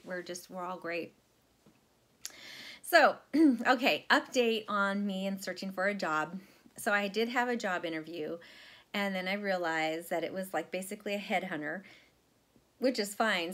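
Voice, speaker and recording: A woman's voice: on the low side, a bit bright. A middle-aged woman talking casually to camera in a stitching vlog, rambling and chatty, often laughing at herself. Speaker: FlossTube vlogger.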